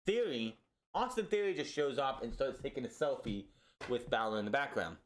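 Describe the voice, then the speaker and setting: A man's voice: medium pitch, lively intonation, moderate pace. A man reviewing a wrestling show in a casual, exasperated, sarcastic rant full of restarts.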